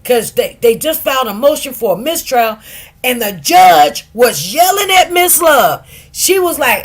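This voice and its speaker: A woman hosting casual commentary, animated and gossipy, acting out what others said. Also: high voice, a little slow. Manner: animated, gossipy, laughs often, acts out quotes. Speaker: news commentary host.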